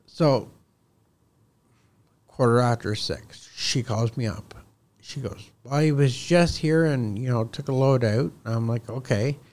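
A man's voice: medium pitch, unhurried, darkish tone. Heated, profane man telling a job story. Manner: heated, profane, acts out both sides of phone calls. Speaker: contractor guest. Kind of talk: casual podcast storytelling.

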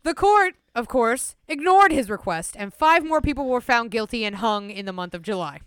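A woman's voice: fairly high pitch, moderate pace, smooth, no room sound. A young woman co-hosting a podcast, telling a story in casual chat and laughing often. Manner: laughs often, lively narration. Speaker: podcast co-host.

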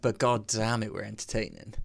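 A man co-hosting a podcast in loose, joking banter, cursing freely with a few drinks in him. His voice has a gravelly, fry-laden edge. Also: fairly low pitch, fairly even intonation, a little fast. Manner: jokey, swears freely. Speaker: podcast co-host. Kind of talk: casual boozy banter.

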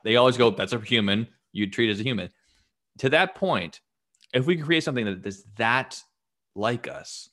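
A man in his late twenties co-hosting a casual podcast chat, emphatic and profane, often acting out quotes. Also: mid-range voice. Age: late 20s. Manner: animated, emphatic, heavy swearing, acts out quotes. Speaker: podcast co-host.

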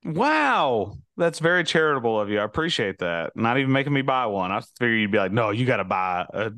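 Bright, lively man teasing his co-host. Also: mid-range voice, a little fast, no room sound. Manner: teasing, encouraging listener with laughs and short replies. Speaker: podcast co-host. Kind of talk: casual chat.

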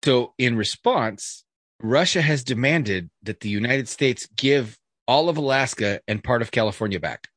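A man hosting a podcast, talking in loose, rambling casual chat and reading listener emails aloud. His voice sits at an ordinary middle pitch. The sound is dry and close, with no room around it. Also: expressive, normal speed, fairly bright tone, dry recording. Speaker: podcast host.

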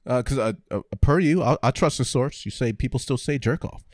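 A man's voice: mid-range voice, brisk, a little mellow, no room sound, studio quality. A man co-hosting a casual podcast chat, rambling and laughing often. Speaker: podcast co-host.

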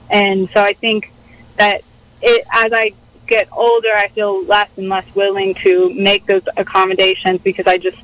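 A woman guest speaking reflectively and hesitantly, with frequent pauses and fillers. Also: mid-range voice, fairly bright tone, low-quality recording. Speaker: podcast guest. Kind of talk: reflective conversation.

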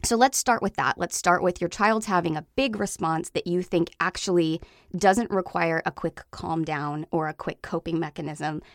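A woman in her thirties hosting a parenting podcast, explaining advice to parents in an earnest, steady way. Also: on the low side, moderate pace, no echo, clean studio sound.

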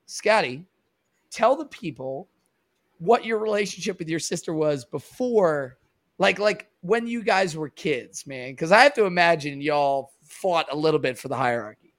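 A man's voice: on the high side, lively intonation, moderate pace, fairly bright tone, dry recording. A man in his thirties hosting a podcast in a casual, rambling, chatty way, swearing now and then. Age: 30s. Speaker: podcast host. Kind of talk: casual chat.

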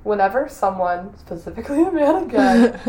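A woman's voice: a little high, moderate pace. Young woman cohosting a podcast, fired up and jokey, echoey room. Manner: animated, exaggerated outrage, laughs often. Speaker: podcast co-host. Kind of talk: casual chat. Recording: roomy echo.

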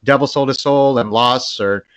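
A man's voice: mid-range voice, moderate pace, clear, resonant tone, lo-fi sound. A male podcast host from Texas in casual interview chat, eager and rambling, often repeating his words.

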